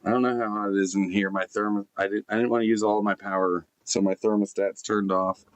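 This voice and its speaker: A man's voice: fairly low pitch, little pitch movement, quick pace, dry recording. A man live-streaming from inside his van, chatting casually and rambling with swearing and fillers. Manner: rambling, laid-back, swears often, many fillers and restarts. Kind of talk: casual live-stream chat, reading and answering comments. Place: inside a broken-down van in a forest snow park. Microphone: computer camera setup.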